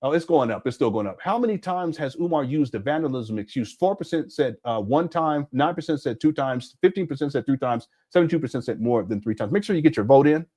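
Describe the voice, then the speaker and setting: A man's voice: mid-range voice, expressive, fast, hardly any pauses, darkish tone. A middle-aged man hosting a casual livestream, talking emphatically to his chat and often laughing. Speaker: livestream commentary host.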